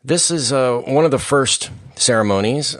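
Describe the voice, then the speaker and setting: A man hosting a casual comedic movie podcast, talking briskly with wry jokes. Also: mid-range voice, no room sound, studio quality. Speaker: podcast host.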